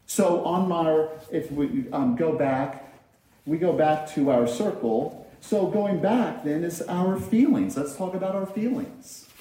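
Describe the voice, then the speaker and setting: A man's voice: on the high side, animated, slow pace, dark tone. A man giving a sermon as a minister, talking in a conversational way, repeating phrases and acting out everyday quotes. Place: large church hall. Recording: very echoey hall.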